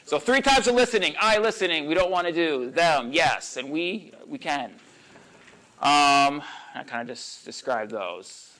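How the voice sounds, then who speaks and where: A man leads a casual coaching session for a small group in a meeting room. His voice sits slightly high and moves in lively swings. He chats loosely, full of fillers, and slips into little acted-out lines. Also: measured pace, low-quality recording. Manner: animated and conversational, acts out sample lines, frequent fillers. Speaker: coach teaching a workshop on listening. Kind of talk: casual live teaching talk.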